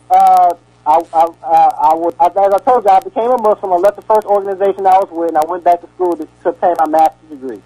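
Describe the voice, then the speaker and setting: A man's voice: high-pitched, darkish tone, low-quality recording. A man giving a rambling sermon-style lecture over a radio broadcast, repeating words and asking his listeners questions. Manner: asks the audience questions.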